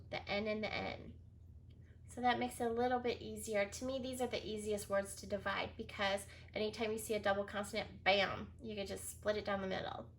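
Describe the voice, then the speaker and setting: A woman teacher with a high, bright, forceful voice records a reading lesson for young children. Sounding out words and spelling them letter by letter, she keeps encouraging them with frequent praise.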